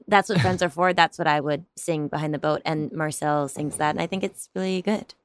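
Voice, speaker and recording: A young adult woman, an actor and stand-up comedian, chatting in an interview in a rambling way, full of fillers and quick laughs. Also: deep voice, steady tone, smooth, no room sound, studio quality. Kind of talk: casual interview chat.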